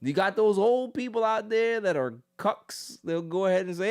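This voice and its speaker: A male podcast host rants in casual commentary, loud and mocking, and slips into quick impressions. His voice sits fairly high for a man and swings widely in pitch as he talks. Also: animated.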